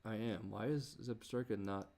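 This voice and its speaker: A man thinking aloud while he composes, muttering in halting restarts and groaning at himself. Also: fairly low pitch, steady tone, vocal fry, a little mellow. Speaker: creator working on a song.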